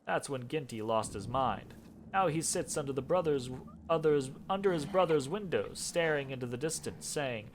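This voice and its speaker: A man reading in-game lore aloud as a storyteller, expressive, with casual asides between passages. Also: mid-range voice, normal speed, slight background noise. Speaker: gameplay narrator.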